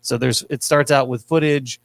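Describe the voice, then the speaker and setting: A man's voice: mid-range voice, fairly even intonation, normal speed, gravelly, heavy background noise. A man hosting a podcast, riffing sarcastically on news clips in casual chat. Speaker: podcast host.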